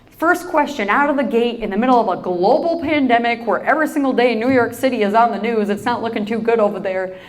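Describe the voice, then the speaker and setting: Lively storytelling woman speaker. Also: a little high, quick pace. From South Dakota. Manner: lively anecdotal storyteller with playful asides to the audience. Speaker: agriculture advocate and speaker. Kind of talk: storytelling keynote talk.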